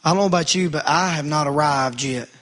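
A man's voice: on the high side, fast, a bit bright. A middle-aged man preaching a sermon, calling out to the congregation with rising fervor.

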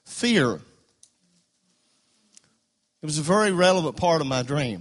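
Fervent high-voiced preacher. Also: male voice, animated, measured pace, pauses often. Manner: fervent, repetitive stammering restarts, rising to loud declarations. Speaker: pastor. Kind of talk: sermon.

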